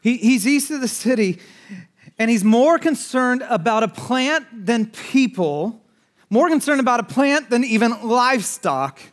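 A man preaching a sermon as pastor, conversational, moving between urgent raised passages and hushed, quiet asides. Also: very high-pitched, expressive, measured pace. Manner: conversational, with fillers and restarts.

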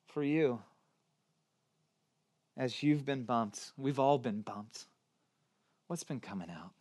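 A man in his thirties preaching a sermon, chatty and informal, swinging from loud stress to quiet, hushed lines. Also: medium pitch, animated, takes it slowly. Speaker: pastor.

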